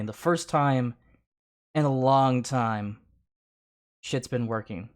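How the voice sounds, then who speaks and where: A man's voice: mid-range voice, slow pace, long pauses. A man hosting a casual livestream, talking profanely and rambling, often laughing and tripping over restarts. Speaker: livestream host.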